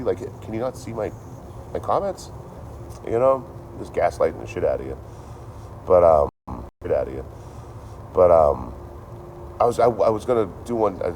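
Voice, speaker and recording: A man's voice: sits low, dark tone, a little hiss or hum. A man in his thirties chatting casually on a livestream, with a dry, joking delivery and a lot of swearing. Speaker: livestream host.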